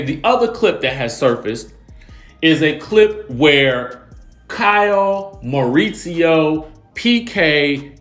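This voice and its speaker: Male gossip host, slightly high-pitched, animated and emphatic, light music bed. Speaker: celebrity gossip YouTuber. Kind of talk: reality TV recap commentary.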